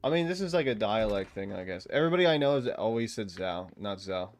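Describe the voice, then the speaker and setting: A man's voice: lowish voice, animated, fast talker, faint music behind. A man streaming a game, chatting loosely and swearing often as he banters with his viewers. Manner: loose, profane, bantering with chat. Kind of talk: casual live-stream chat while gaming.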